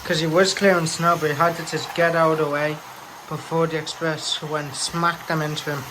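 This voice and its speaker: A man's voice: on the high side, little pitch movement, normal speed, noisy background. A man casually narrating a homemade story about steam engines. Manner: casual, loosely phrased.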